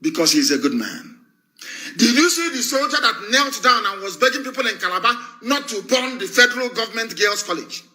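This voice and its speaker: A man's voice: very high voice, sing-song, a little fast, sharp tone. A man with a Nigerian accent giving an impassioned live address, fiery and scornful, repeating phrases for emphasis. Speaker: broadcaster addressing followers.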